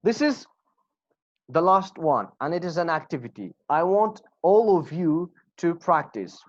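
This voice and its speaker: A woman teaching an English class online, slowly repeating words and warmly encouraging her students. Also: fairly low pitch, very animated. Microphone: video call. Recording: dull lo-fi video call audio.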